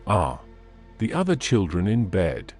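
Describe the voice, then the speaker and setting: A man voicing a frightened little boy who pleads with his father in a shaky, high voice. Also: huge pitch swings, unhurried, a little mellow, faint music behind, heavily acted. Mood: timid.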